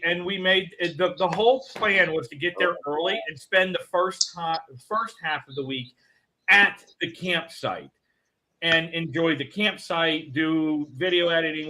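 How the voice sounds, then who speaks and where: A man's voice: a little high, background noise. A man co-hosting a casual morning show, telling a long rambling story. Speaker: co-host.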